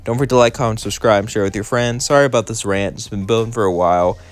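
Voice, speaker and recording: Speaking fast in a voice on the low side, a man hosting his own channel delivers a casual monologue. He rants bluntly and emphatically about his opinions.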